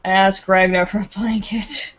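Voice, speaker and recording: A player describing their character's actions in a tabletop game, halting and giggly, with many restarts. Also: medium pitch, steady tone, a bit bright, lo-fi sound. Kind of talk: role-playing a character at the table.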